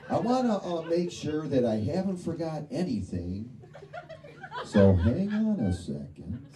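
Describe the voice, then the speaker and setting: An older man performing a crude, profane stand-up set in a tavern showroom, loudly acting out his punchlines. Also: fairly high pitch, big pitch swings, measured pace, crowd noise. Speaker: stand-up comedian. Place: tavern showroom, live audience. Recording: echoey room, distant mic, noisy.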